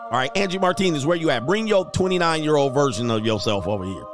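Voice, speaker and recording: A man's voice: a little high, animated, fast, music in the background. A man hosting a casual livestream, reading out chat comments and joking in a loose, slangy way. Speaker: dating coach and channel host.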